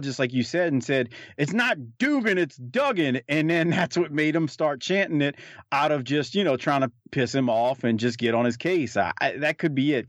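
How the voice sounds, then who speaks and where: A man's voice: mid-range voice, no room sound. A man co-hosting a casual commentary chat, rambling with many restarts and fillers. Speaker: podcast co-host. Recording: dull lo-fi recording.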